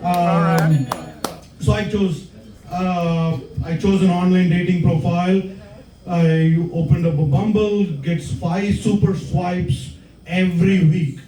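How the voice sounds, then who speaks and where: A man in his forties doing a stand-up set with a halting delivery full of fillers, from India. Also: sits high, level tone, mellow. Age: 40s. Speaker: stand-up comedian. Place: comedy club stage. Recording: echoey room from far off.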